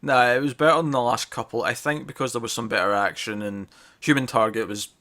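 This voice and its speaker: A man's voice: mid-range voice, steady tone, fast talker, pushed and bright. A man co-hosting a casual TV review chat, rambling and correcting himself, often laughing. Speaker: podcast co-host reviewing TV.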